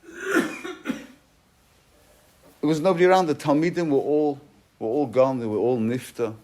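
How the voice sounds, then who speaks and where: A man with a somewhat high voice gives a Torah class as a rabbi. He retells an old story emphatically, his loudness swinging from hushed to forceful. He weaves Hebrew and Yiddish terms through his English. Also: sing-song, measured pace, slight background noise. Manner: emphatic, swings between loud and soft. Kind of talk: sermon.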